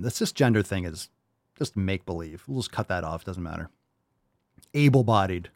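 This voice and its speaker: Man, podcast host, sarcastic commentary, very animated pitch, dry close-miked sound. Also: normal speed, no room sound. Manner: mocking, sarcastic, profane, swings from loud outbursts to muttering. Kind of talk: sarcastic commentary reacting to a read-out article.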